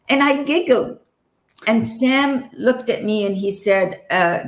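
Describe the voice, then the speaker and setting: A woman in her forties from Egypt tells her personal story slowly and earnestly. Her words carry a little roomy echo, and her middle-pitched voice breaks into the odd quick giggle. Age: 40s. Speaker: guest telling her near-death story. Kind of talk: emotional personal testimony.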